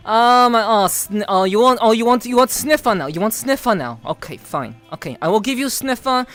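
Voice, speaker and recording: A woman streaming live, chatting with her viewers in a deadpan, teasing way with stiff, overly formal phrasing. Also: fairly high pitch, fairly quick, few pauses, faint music behind. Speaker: VTuber streamer. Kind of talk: casual live-stream chat.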